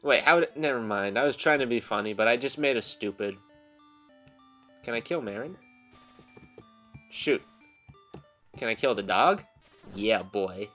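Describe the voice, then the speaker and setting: A young gaming channel host casually comments on his own gameplay in a home room, joking at his own expense and laughing often. His medium-pitched voice is animated and a bit bright, at a moderate pace with frequent pauses, and faint music plays behind him.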